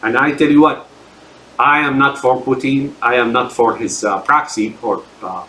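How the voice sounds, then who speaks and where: Man, mid-pitched voice, unscripted rant, emphatic, lots of uh and repeated words, echoey room. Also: steady tone, moderate pace, sharp tone, a little hiss or hum. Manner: heavy with fillers and repeated words; emphatic, sweeping declarations. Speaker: political commentator.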